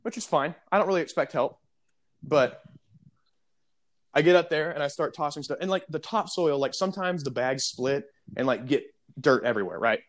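A young man casually telling a story on a podcast, animated, acting out the people in it. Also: fairly high pitch, normal speed. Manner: animated storyteller, mimics customers.

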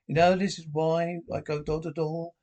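A man's voice: a little high, little pitch movement, moderate pace, a little mellow, lightly acted. An actor playing an earnest young male activist who goes door to door, stiffly polite and stumbling over his words.

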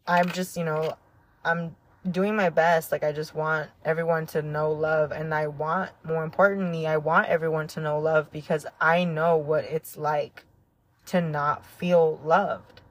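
A woman hosting a solo podcast, talking earnestly and heartfelt in a rambling way, full of "like" and soft laughs. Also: sits low, little pitch movement, slow pace. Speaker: podcast host. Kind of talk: reflective solo podcast monologue.

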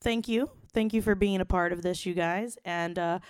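A young woman co-hosting a podcast, telling a raunchy story in blunt, profane, animated casual talk. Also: lowish voice, moderate pace, clear, resonant tone, dry recording, clean studio sound. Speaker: podcast co-host.

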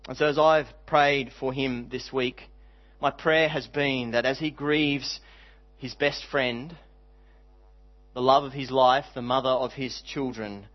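A man preaching a sermon as pastor, earnest, reading scripture aloud and slowing down to stress key words. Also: mid-range voice, steady tone, lo-fi sound. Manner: earnest, slows for emphasis, reads scripture aloud.

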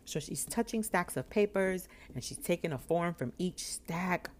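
This is a woman with a low-set voice telling a personal story to the camera. Her pitch leaps up and down as she plays out each person's lines, and she laughs often as she goes. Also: normal speed. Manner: expressive, acts out quoted voices, laughs often. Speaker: storyteller vlogger.

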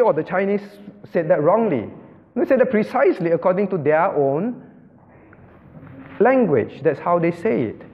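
Man, pastor, high voice, teaching sermon, checks understanding often, tinny narrow sound. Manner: explains step by step, often checks understanding with the audience. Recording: phone-like band, long hall reverb.

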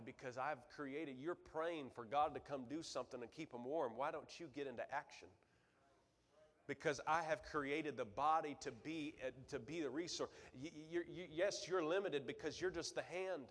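Fervent preacher in a church hall. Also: male voice, fairly high pitch. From Michigan, USA. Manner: fervent preaching that swings from loud exhortation to quiet storytelling. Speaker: guest preacher. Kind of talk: sermon. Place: church sanctuary.

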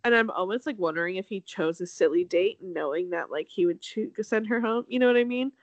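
A young woman co-hosting a casual chat, talking fast and loose, laughing often and acting out quotes. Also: dry recording, lo-fi sound. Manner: chatty, laughs often, acts out quotes with big pitch jumps. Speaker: podcast co-host. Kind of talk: casual chat recapping a reality show.

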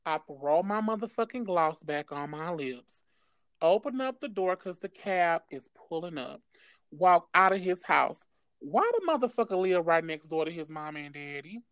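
A woman's voice: lowish voice, moderate pace, no room sound. Woman spilling a crazy story to her friend, swears constantly, laughs a lot, dry close sound. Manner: profane, animated, laughs often. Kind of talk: casual storytelling chat.

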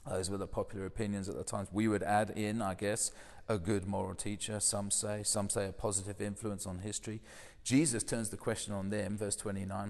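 A man delivers a sermon with a low, gravelly voice, talking through it conversationally and leaning on rhetorical questions. His words ring out in a reverberant hall. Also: brisk, darkish tone. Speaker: preacher.

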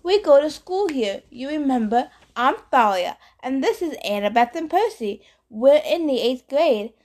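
A woman's voice: high voice, very animated, measured pace, darkish tone, full character voice. Woman voicing a bold, confident teenage girl.

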